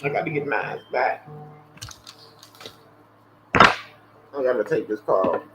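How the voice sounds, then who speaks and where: A man's voice: medium pitch, expressive, slow pace, over loud music, rough recording. A man hosting a casual livestream and chatting loosely with lots of profanity. He tells stories animatedly. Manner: mimics callers in a raised voice. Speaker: livestream host. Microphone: earpiece headset.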